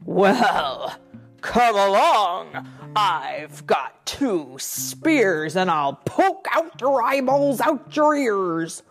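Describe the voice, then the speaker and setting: A woman voicing a big, fierce billy goat with a loud, slow, boasting voice in a storybook reading. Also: sing-song, soft background music, exaggerated voice. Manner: booming, slow boasting threats.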